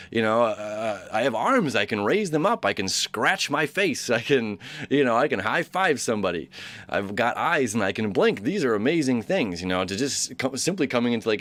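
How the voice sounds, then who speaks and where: A man's voice: mid-range voice, fairly bright tone. A man hosting a daily astrology talk, rambling and enthusiastic with lots of fillers and restarts. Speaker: astrology channel host. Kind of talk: casual daily horoscope talk.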